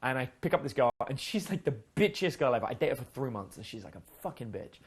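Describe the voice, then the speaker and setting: A man's voice: mid-range voice, very animated, fast talker, slightly rough. A man speaking as a dating coach, telling stories in a blunt, profane way and acting out the lines of the people in them. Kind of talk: casual storytelling monologue.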